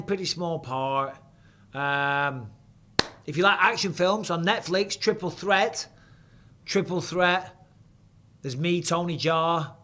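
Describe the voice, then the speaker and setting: Middle-aged man, slightly high pitch, blunt and chatty, swears often, casual fight-stream host. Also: fairly bright tone. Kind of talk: casual live fight commentary.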